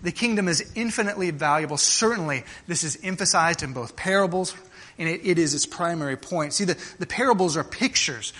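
A man preaching a sermon to his congregation, earnest and direct, often restarting phrases and slowing down to stress key words. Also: fairly high pitch, animated, bright, forceful tone. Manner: earnest, with frequent restarts and slowed emphasis. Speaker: pastor.

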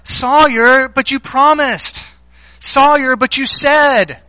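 A man's voice: high voice, animated, measured pace, pushed and bright, no room sound, heavily acted, poor audio. A man putting on the voice of his small daughter as she whines and pleads with her father. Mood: whining. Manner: pleading, whiny. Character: little girl whining to her dad.

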